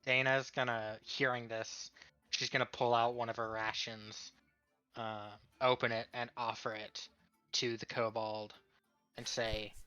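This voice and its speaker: A man's voice: mid-range voice, flat delivery, unhurried, sharp tone, clear, resonant tone, no echo, highs cut off. A man playing a tabletop game, speaking in a plainspoken, matter-of-fact way. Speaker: player. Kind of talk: tabletop role-play.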